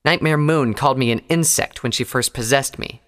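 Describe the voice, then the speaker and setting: A man's voice: mid-range voice, normal speed, a bit bright, pitched above the performer's own voice, natural voice. A man voicing a condemned female unicorn warrior who speaks coldly and derisively. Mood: scornful. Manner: cold, derisive, growling. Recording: long hall reverb.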